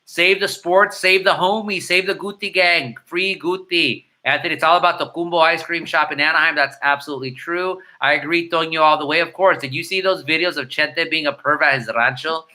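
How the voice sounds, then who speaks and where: A middle-aged man, casually answering viewer comments with irreverent, rapid-fire banter and slipping between Spanish and English. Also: fairly high pitch, fairly even intonation, bright, forceful tone. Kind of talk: casual live-stream chat.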